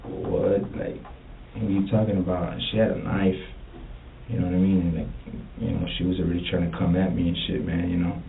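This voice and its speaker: A man's voice: deep voice, distant mic, slight background noise. A man in a police interview room, rambling through a confession and stuffing it with filler phrases. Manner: rambling, repeats filler phrases, rises agitated. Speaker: murder suspect in police interview. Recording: lo-fi echoey interview room footage from afar.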